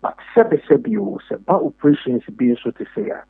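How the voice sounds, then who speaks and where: A man's voice: medium pitch, expressive, fairly quick, husky, no echo, phone-quality sound. A man with a Ghanaian accent, a government official speaking emphatically in a radio interview, repeating filler words as he makes his points. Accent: Ghanaian English. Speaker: deputy defense minister.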